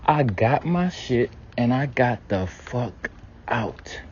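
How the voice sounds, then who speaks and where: A man's voice: takes it slowly, a little hiss or hum. Blunt, profane man telling stories. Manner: blunt, heavy swearing, storytelling; animated shifts in pitch and loudness. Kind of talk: candid spoken prayer to ancestors. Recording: dull lo-fi sound with faint ambience.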